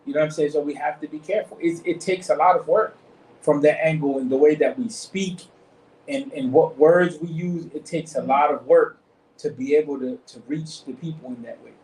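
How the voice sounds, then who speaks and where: Speaking a little fast in a darkish voice on the high side with fairly even intonation, a study circle leader guides a small group's informal talk about faith. He rambles and repeats, often asking "you see what I'm saying?" The room echoes, the mic is far off, and there's faint noise.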